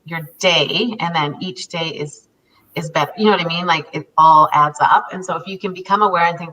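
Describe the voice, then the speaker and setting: A woman's voice: fairly low pitch, fairly quick, pushed and bright, distant mic, slight background noise, low-quality recording. A woman in her fifties, co-hosting a casual talk and telling stories in an earnest, emphatic way. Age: 50s. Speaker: co-host. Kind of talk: casual conversation about self-care.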